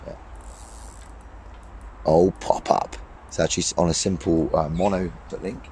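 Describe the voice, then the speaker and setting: Hoarse, deep-voiced man vlogging outdoors. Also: steady tone, normal speed, dark tone, slight background noise. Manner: upbeat, rambling, laughs often. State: hoarse, losing his voice from a cold. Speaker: fishing vlogger. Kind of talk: casual chatty vlog. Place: outdoors by a small overgrown lake. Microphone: handheld camera.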